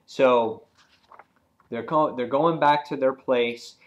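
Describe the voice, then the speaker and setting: A man reviewing a comic book in casual talk, retelling scenes excitedly with many fillers and acting out the characters' lines. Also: medium pitch, takes it slowly, dull audio. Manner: loose and rambling, many fillers.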